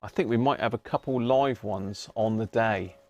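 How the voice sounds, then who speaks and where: A man's voice: on the low side, normal speed, a little mellow, lo-fi sound. A man hosting a casual live stream from his home workshop, chatting loosely, laughing at himself and trailing off with ums. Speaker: radio restoration livestream host.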